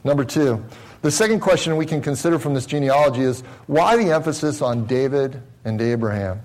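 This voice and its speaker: A man preaching a Bible-teaching sermon in an explanatory way. He often asks his listeners rhetorical questions and slows down and grows softer on key phrases. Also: mid-range voice, animated, low-quality recording. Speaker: pastor.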